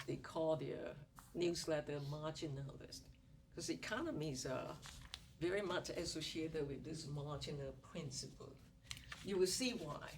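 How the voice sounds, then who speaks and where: A woman instructor lectures a class on economics, her voice sitting fairly low as she repeats key words and prods the room. She is picked up from a distance across the classroom. A steady hiss sits under her voice. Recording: distant classroom recording with background noise.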